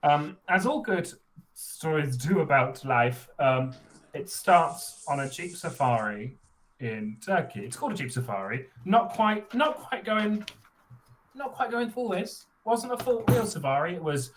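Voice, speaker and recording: Man, storyteller, joking, hesitant restarts, lively swooping intonation, slightly high. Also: unhurried. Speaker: storyteller panelist. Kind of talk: casual storytelling.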